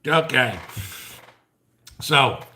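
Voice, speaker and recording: Speaking extremely slowly, a male livestream host uses a medium-pitched voice with lively intonation and a sharp tone. His casual talk is rambling and filler-heavy, punctuated by jokes.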